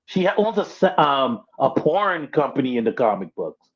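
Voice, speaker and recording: A man co-hosting a podcast, arguing his take on comics and films and refusing to back down. He repeats himself insistently, at an ordinary mid pitch. The recording sounds a little dull and lo-fi. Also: very animated, normal speed. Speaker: podcast co-host. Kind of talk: casual pop-culture debate.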